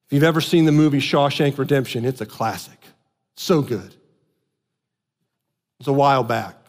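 A man preaching a sermon as pastor, moving between quiet low asides and raised, emphatic lines. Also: normal speed. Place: church sanctuary. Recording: long reverb in a large hall.

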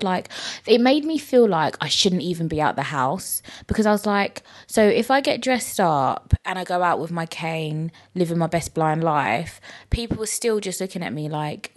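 A young woman telling stories casually on a podcast, animated and full of "like" and swearing. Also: normal speed. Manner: chatty, animated, frequent "like" and swearing; acts out quoted people in high squeaky voices. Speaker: podcast host. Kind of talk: casual storytelling chat.

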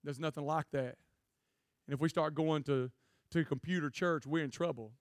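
A man preaching a jokey, animated youth sermon to a live student audience. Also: on the high side, moderate pace, no room sound, clean studio sound. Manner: jokey, animated, acts out quotes in funny voices. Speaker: guest preacher.

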